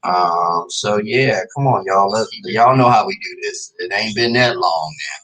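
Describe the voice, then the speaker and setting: A man's voice: fairly low pitch, a little slow, fairly bright tone, low-quality recording. A man hosting a casual livestream, chatting loosely with viewers and calling them "y'all". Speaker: host of a live stream show.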